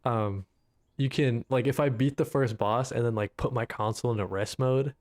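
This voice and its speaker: A male co-host in an easygoing gaming chat who rambles and keeps reaching for "you know what I mean". His voice sits mid-range in pitch and he swears now and then. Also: moderate pace, a little mellow. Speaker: podcast co-host. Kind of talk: casual chat.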